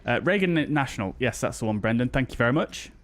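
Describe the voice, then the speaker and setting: A man's voice: medium pitch, expressive, fast talker, faint music behind. Chatty British man greeting stream viewers. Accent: British English. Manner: chatty, greets viewers one by one, many fillers. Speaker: flight sim streamer. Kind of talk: casual live-stream chat.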